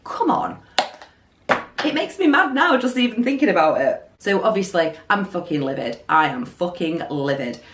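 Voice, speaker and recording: A woman telling an animated storytime vlog. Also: on the low side, normal speed. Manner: animated storytelling, acting out quotes. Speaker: beauty vlogger. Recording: roomy echo.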